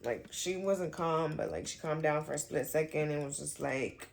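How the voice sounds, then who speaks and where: A woman vlogger telling a personal story to her viewers, animated and full of fillers. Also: sits low, normal speed, vocal fry, hardly any pauses, slight background noise. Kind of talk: storytime vlog.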